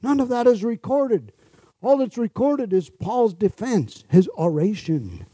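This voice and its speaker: A man preaches with a high-pitched yet mellow, dark voice. He laughs often and slips into sarcastic asides. The sound is dry and close, with no room echo. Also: big pitch swings, unhurried, breathy edge. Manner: chuckling, sarcastic asides, acts out quoted voices. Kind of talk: sermon.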